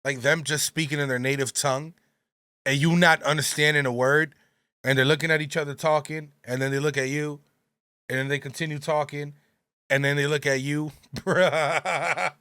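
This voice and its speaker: A laid-back man reacting to a clip, talking slowly and laughing often. His voice is higher than most men's and bright. The sound is dry and close. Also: fairly even intonation, clean tone, dry recording. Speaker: reaction channel host. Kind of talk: casual reaction commentary.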